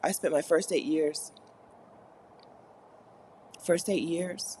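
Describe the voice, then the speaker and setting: A woman's voice: low-pitched, fairly even intonation, slow pace, dark tone, slight background noise. A woman hosting a live co-working stream, reading chat messages aloud and chatting playfully, with frequent laughter. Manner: chatty, laughs often, playful mock complaints. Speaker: livestream host reading chat. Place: Caribbean.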